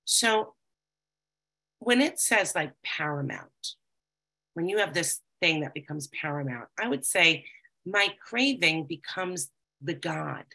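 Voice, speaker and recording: A middle-aged woman speaks in a deep, gravelly register with a slightly husky edge. She talks in an earnest, confessional way, reading short passages aloud and then reflecting on them in her own words. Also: bright, forceful tone, poor audio. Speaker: speaker sharing recovery experience. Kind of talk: personal recovery talk.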